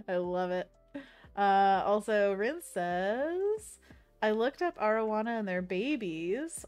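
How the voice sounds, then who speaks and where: Woman art streamer, playful running chat at an unhurried pace, middle pitch, soft music underneath. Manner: playful, chatty, reads chat messages aloud. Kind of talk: casual chat while drawing on stream.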